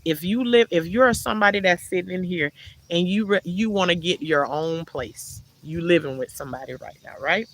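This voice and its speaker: A woman's voice: on the low side, a bit bright. A woman hosting a casual livestream outdoors in her yard garden, chatty, laughing often and repeating herself, then turning encouraging toward her viewers. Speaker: livestream host.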